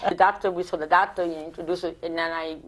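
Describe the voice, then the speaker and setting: A woman's voice: on the low side, fast. Older Italian-accented woman retelling stories. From Italy. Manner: animated storytelling with many restarts. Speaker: interviewee. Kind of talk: oral history interview.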